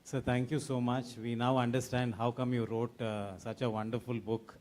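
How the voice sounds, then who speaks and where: Man, panel moderator, courteous, asks long questions, medium pitch. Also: flat delivery, moderate pace, a little mellow.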